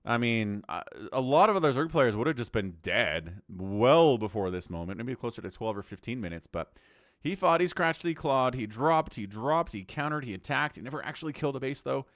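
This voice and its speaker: A man hosting a live stream and giving chatty, excitable commentary on an esports match, thinking aloud as the play unfolds. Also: medium pitch, a little fast, no echo, clean studio sound. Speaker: game commentator and stream host.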